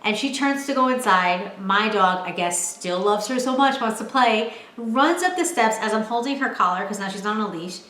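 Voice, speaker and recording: A woman in her twenties telling stories from home in a casual chat, animated and laughing, with lots of filler "like". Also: mid-range voice, normal speed, few pauses. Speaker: vlogger, storyteller. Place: at home, in a room. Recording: roomy echo.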